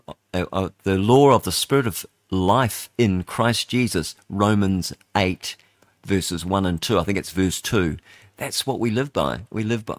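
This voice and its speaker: A man's voice: lowish voice, no echo, clean studio sound. An older man hosting a talk-radio show, rambling and chatty with lots of fillers and restarts. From New Zealand. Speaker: radio host. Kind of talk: casual talk-radio monologue.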